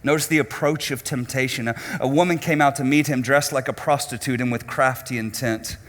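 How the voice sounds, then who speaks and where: A male lead pastor preaching a sermon to his congregation, dramatic, swinging between loud emphasis and hushed lows and putting direct questions to the room. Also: steady tone, a little fast, big-room sound. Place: church auditorium.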